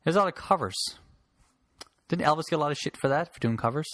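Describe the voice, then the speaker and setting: A man's voice: a little high, expressive, quick pace, fairly bright tone, dry recording, studio quality. A man from Newfoundland, a comic, rambling and swearing through a casual solo podcast. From Newfoundland, Canada. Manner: rambling, profane, joking. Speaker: podcast host and stand-up comic.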